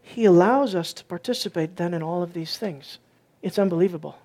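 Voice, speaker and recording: A woman preaching a sermon, swinging from soft, low passages to loud, emphatic peaks. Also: brisk.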